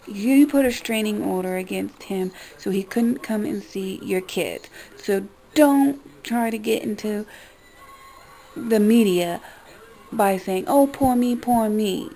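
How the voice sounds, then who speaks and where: Gravelly-voiced woman ranting, shocked. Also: medium pitch, slow, mellow, rough recording. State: upset. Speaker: vlogger. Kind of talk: emotional vlog rant.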